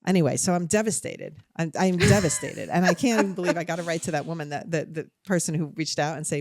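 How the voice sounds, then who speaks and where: A young woman with a New Jersey accent chats on a podcast, her voice sitting a little low. She tells the story with animation and mocks herself. The sound is close and dry. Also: fast, no echo. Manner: animated storytelling, self-deprecating. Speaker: podcast co-host. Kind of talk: casual chat.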